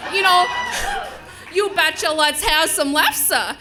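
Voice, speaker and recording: A woman's voice: sits high, takes it slowly, a crowd in the background, background noise, pitched above the performer's own voice. Woman hamming up a folksy Minnesotan gal. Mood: hammy cheerful. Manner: hammed-up, folksy, bubbly.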